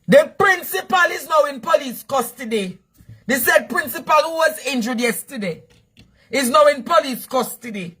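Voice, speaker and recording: A Jamaican man hosting news commentary, shouting and repeating phrases for emphasis in a fiery rant. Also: extremely high pitch, animated, moderate pace.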